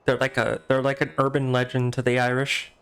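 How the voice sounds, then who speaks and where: A man's voice: mid-range voice, completely flat delivery, a little fast, fairly bright tone. A man casually talking through a game on a live stream, rambling, unsure and poking fun at himself. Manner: casual, rambling and self-mocking, often unsure. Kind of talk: live-stream gameplay commentary.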